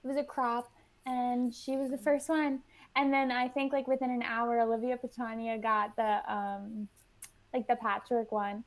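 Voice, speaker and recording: High, bubbly young-sounding woman guest. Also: flat delivery, moderate pace. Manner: bubbly, peppered with "like", acts out what she and others said. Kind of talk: casual interview chat. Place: New York.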